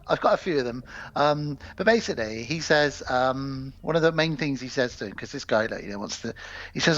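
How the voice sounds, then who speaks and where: A man co-hosts a podcast and rattles through a film plot in animated, swearing casual chat. His pitch sits mid-range, and the recording sounds dull and lo-fi. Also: moderate pace. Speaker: podcast co-host.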